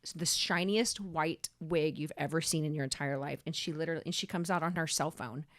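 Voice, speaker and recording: A woman, co-hosting a podcast and telling a story in a casual, animated way, swearing and speeding up when excited. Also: deep voice, brisk, no echo, clean studio sound. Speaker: podcast co-host.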